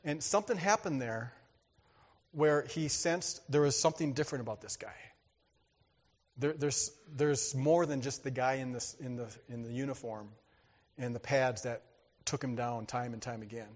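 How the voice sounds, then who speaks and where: A man preaching a sermon, telling a story with lively energy, acting out voices and laughing often. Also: mid-range voice, normal speed. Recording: hall reverb.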